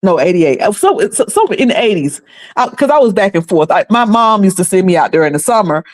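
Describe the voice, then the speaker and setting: A woman's voice: mid-range voice, big pitch swings, fast. A woman in her fifties hosting casual commentary, chatty, laughing often and restarting her sentences. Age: 50s. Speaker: commentary channel host.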